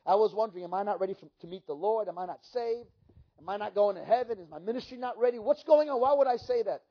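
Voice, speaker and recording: Fervent high-voiced male preacher, lo-fi. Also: fast. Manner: fervent, dramatic storytelling with many restarts. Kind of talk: sermon testimony.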